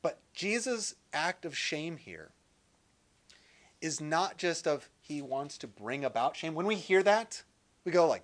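Bright-voiced animated male bible teacher. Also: on the high side. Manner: animated, acts out quotes, jokey asides. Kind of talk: sermon-style bible teaching.

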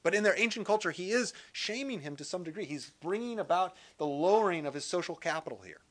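A man teaching a Bible session in sermon style, animated and lively, acting out quotes with jokey asides. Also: high-pitched, quick pace.

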